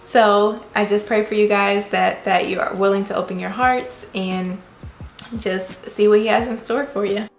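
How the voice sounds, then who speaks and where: A woman's voice: mid-range voice, steady tone, normal speed, gravelly. A woman casually telling how she met her husband, playful and emphatic at times and earnest when she shares her faith. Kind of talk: casual storytelling with a faith message. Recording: roomy echo.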